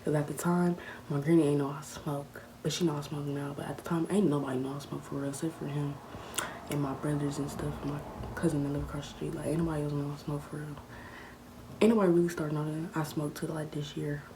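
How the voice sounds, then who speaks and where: Teen girl vlogger, deep voice, half-whispered storytime over noisy ambience. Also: level tone, fast talker. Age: late teens. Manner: hushed, half-whispered narration; casual, chatty, talks straight to viewers. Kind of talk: casual storytime monologue.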